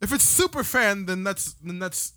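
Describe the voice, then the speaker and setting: A man with a very high, bright voice co-hosts a pop-culture podcast. He jokes, swears and laughs easily, recorded dry and close. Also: expressive, moderate pace, no room sound. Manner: joking, profane, laughs a lot. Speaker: podcast co-host. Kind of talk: casual chat.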